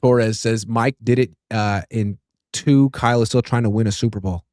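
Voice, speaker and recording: A man's voice: medium pitch, steady tone, normal speed, a little mellow. A man in his thirties with a mid-range voice hosts a sports chat, reading out viewer comments and replying easily. The recording is dry, with no room echo. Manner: easygoing, reads super chats aloud. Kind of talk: casual sports talk.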